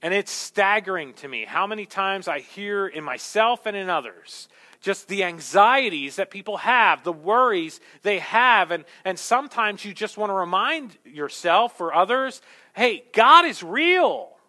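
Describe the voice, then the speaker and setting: A man preaching a sermon as pastor, conversational and animated, building to emphatic peaks. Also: sits high, normal speed.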